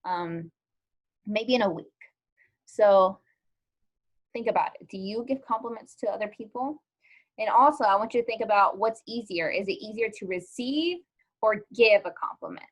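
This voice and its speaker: A woman leads a live online lesson in a loose, conversational way. She fills her speech with ums and likes and keeps turning to the class with questions. Her voice sits at an ordinary middle pitch. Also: expressive, moderate pace, long pauses. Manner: chatty, lots of ums and likes, asks students questions. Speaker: teacher.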